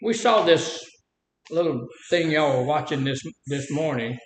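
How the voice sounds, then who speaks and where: A man's voice: a little high, expressive, unhurried, a little hiss or hum. Folksy older man, echoey room. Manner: folksy, rambling storyteller who acts out quotes. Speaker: speaker leading a talk on anger. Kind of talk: casual teaching talk with stories.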